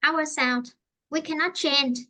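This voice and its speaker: A woman with a Vietnamese accent teaches English in a relaxed lesson chat. Her voice sits high and sounds bright. She hesitates often and fills the gaps while she searches for the right words. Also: slow. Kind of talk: online English lesson conversation.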